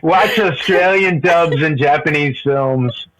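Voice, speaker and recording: A man calling in to a movie podcast, rambling and halting, laughing at his own stories. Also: on the high side, a bit bright, low-quality recording. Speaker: caller. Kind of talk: casual phone-in chat.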